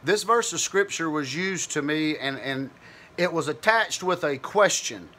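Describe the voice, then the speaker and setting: A man's voice: fairly high pitch, animated, unhurried, pushed and bright. A man giving an informal Bible teaching, thinking aloud in a conversational, searching way with frequent restarts.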